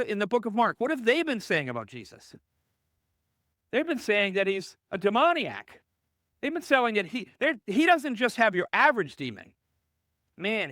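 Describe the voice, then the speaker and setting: A man's voice: sits high, a bit bright, dry recording, clean studio sound. A male pastor preaching a narrative sermon, telling the story with energy and acting out the dialogue in changing voices.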